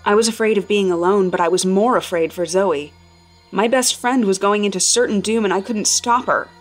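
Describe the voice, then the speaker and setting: A woman reading a first-person horror story in a measured, tense voice. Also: mid-range voice, faint music behind. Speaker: narrator.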